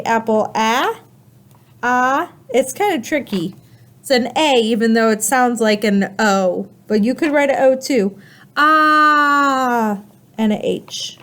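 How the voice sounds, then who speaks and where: Sing-song woman teaching young children. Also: a little high. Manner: slow, animated, sing-song teacher talk with questions to the class. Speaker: kindergarten teacher. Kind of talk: recorded writing lesson for young children.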